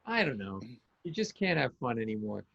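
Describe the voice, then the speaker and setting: A man co-hosting a casual comedic chat over a video call, telling stories with deadpan punchlines. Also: mid-range voice, a little fast, creaky, lo-fi sound. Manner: joking storyteller, deadpan punchlines. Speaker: comedian, co-host.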